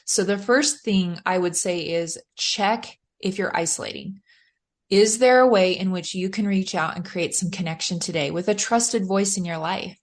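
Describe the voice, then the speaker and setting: A woman's voice: mid-range voice, normal speed. A middle-aged woman, a motivational speaker, giving earnest and encouraging advice as a guest in a podcast interview.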